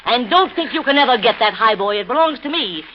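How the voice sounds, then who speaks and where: An actress playing a scheming, sharp-tongued niece who switches between biting scorn and sugary sweetness, in a 1930s radio drama. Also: on the high side, animated, quick pace, slight background noise, lightly acted. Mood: scornful. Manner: scornful and biting, sugary when it suits her. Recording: dull lo-fi 1930s radio recording.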